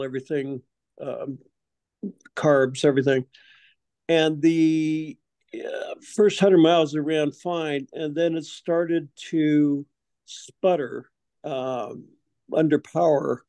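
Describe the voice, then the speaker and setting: A man joining a video call from his phone to ask a question, hesitant and filling pauses with ums. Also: fairly high pitch, darkish tone, clean tone, dry recording. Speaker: participant asking a question.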